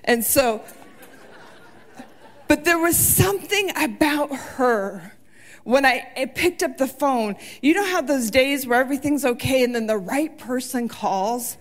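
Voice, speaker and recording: A woman's voice: sits high, expressive, unhurried. A woman in her forties giving a sermon, telling personal stories in an earnest, heartfelt way. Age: 40s. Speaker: church speaker.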